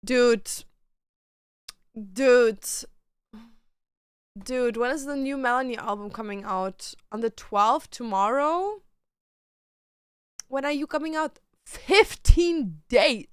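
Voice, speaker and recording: A young woman streaming from home, chatting casually with her viewers, animated and swearing freely as she rants. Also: fairly high pitch, slow, pauses often, clear, resonant tone, no echo, studio quality. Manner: chatty, talks to chat between bursts of singing. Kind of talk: casual livestream chat.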